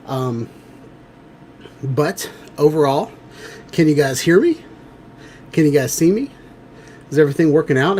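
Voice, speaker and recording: A man's voice: fairly high pitch, darkish tone, a little hiss or hum. A man hosting a casual livestream show, chatty and rambling with lots of fillers. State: out of breath. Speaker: livestream host.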